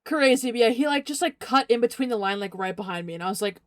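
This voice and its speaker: Brief: young woman streamer, giggly and rambling, often repeats herself, light higher voice, dry close mic. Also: expressive, fast talker, few pauses, dry recording. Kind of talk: casual chat.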